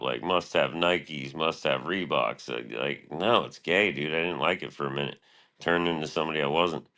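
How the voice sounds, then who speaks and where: A man's voice: rumbling low, bright, forceful tone. A middle-aged man streaming, talking in a profane, meandering, laid-back monologue. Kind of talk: casual rambling monologue.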